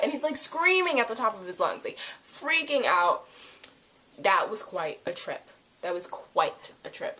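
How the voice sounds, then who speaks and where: A young woman reviewing a TV episode in a casual, rambling chat to camera, full of "like" and quick asides. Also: medium pitch. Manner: rambling, animated, lots of "like".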